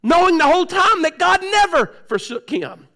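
Male pastor, sermon, very high voice, bright, plain-spoken, conversational, soft and loud swings. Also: very animated, normal speed.

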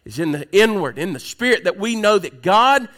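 A middle-aged man preaching a sermon, asking the congregation questions and swinging between loud, pressing lines and soft ones. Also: sits high, very animated, normal speed. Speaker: pastor.

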